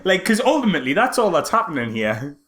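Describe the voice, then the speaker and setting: A man's voice: high-pitched, very animated, fast, a bit bright. A man, co-hosting a casual film review chat and mocking scenes with silly character voices. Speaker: podcast co-host.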